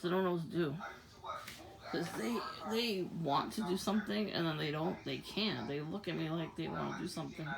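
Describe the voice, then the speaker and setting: Woman, low gravelly voice, casual vlog monologue, laughs a lot, crowd noise behind. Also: rough recording. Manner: laughs often, loose rambling storytelling. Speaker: vlogger. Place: outdoors at night.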